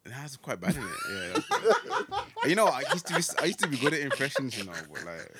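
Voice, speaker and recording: Lively podcast host, laughing. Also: male voice, on the high side, quick pace, a loud crowd. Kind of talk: casual chat.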